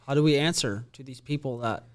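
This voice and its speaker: A man co-hosting a Christian podcast, talking in an animated way as he builds up his points. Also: mid-range voice, a little fast. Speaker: podcast co-host. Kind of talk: conversational Christian podcast discussion.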